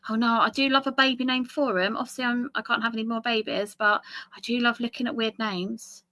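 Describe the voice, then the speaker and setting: An English woman talks in a chatty, giggly way on a casual livestream. Her voice is bright and fairly high, and the sound is dry and close. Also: fairly even intonation, a little fast, no room sound. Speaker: guest artist. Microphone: video call.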